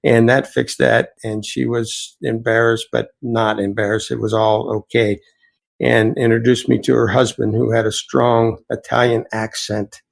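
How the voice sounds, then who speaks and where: Male innkeeper guest, gravelly voice, earnest and reflective. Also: mid-range voice, little pitch movement, measured pace, rough recording. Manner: earnest, reflective, rambling anecdotes. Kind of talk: storytelling interview answers.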